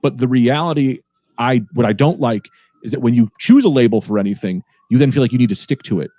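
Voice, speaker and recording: A man's voice: mid-range voice, expressive, quick pace, dark tone, dry recording, studio quality. A man, a stand-up comedian, talking casually on a podcast and playing with sing-song inflections.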